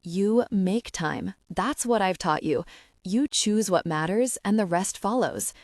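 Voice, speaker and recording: Female narrator voices older Swedish mother, soft accent, firm but gentle, dry read. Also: medium pitch, lively intonation, slow pace, no echo. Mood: gently insistent. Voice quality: soft-spoken.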